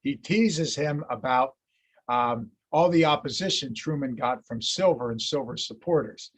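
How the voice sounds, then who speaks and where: A man giving a history lecture as a lively, chatty storyteller. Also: medium pitch, a little slow, husky. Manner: animated, chatty storyteller who laughs at his anecdotes.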